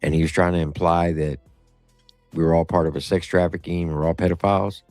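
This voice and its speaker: A man with a very low, deep voice talking bluntly on a livestream panel and backing up the others with curt agreements. The sound is dry, with faint music in the background. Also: little pitch movement, brisk, a little mellow, no echo. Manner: blunt and agreeing, short affirmations. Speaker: panel guest. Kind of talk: casual livestream panel chat.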